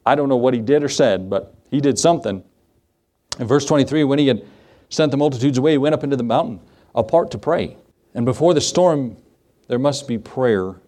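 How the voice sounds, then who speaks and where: A man preaching a sermon as pastor, animated, with rhetorical questions and conversational asides. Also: mid-range voice, fairly quick. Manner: animated preaching that acts out the quoted voices.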